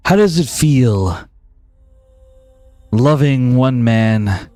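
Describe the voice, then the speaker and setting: A man's voice: mid-range voice, animated, very slow, darkish tone, no room sound, faint music behind, voice pushed down. A man playing a smug, scheming vampire leader. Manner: silky and smirking, then barking orders.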